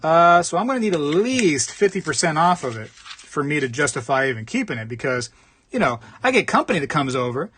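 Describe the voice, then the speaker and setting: A man's voice: fairly high pitch, big pitch swings, fairly quick, a bit bright, a little hiss or hum. A man voicing a whiny, scheming male online buyer demanding a discount.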